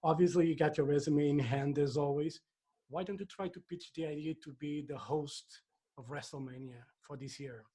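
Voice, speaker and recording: A man's voice: fairly high pitch, moderate pace, warm tone, husky. A man interviewing an athlete, asking friendly, playful questions.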